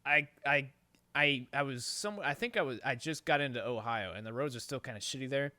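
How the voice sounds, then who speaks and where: A man's voice: medium pitch, brisk, dry recording. A young man hosting a podcast, telling a long rambling story with constant swearing and rising frustration. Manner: rambling, heavy swearing, gets worked up and loud. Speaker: podcast host. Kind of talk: casual storytelling.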